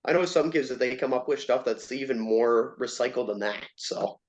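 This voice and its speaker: A man telling hockey stories in casual chat, acting out quoted lines in a raised, animated voice. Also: medium pitch, normal speed. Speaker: interview guest, former player and coach. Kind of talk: casual storytelling. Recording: dull lo-fi sound.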